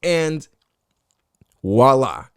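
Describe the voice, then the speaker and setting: A man's voice: mid-range voice, animated, drawn-out words, clear, resonant tone, no room sound, clean studio sound. A man hosting a podcast, telling a story casually and swearing a lot. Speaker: podcast host.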